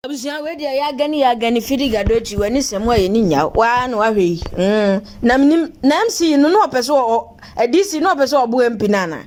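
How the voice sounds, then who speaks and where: A woman's voice: fairly high pitch, animated, fast talker, few pauses, a little mellow. A woman presenting local news commentary in a chatty, teasing way.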